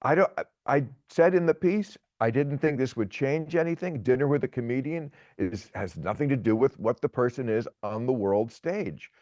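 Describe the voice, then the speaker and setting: Halting, emphatic man in his sixties. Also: medium pitch, lively intonation, a little mellow, dry recording. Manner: halting, repeats words, emphatic. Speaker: guest commentator. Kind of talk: opinionated political talk.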